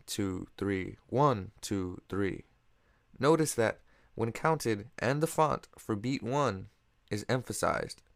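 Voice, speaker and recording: A man narrating a scripted music theory lesson, explaining in a steady, measured way and counting beats aloud. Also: on the low side, no room sound. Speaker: music teacher.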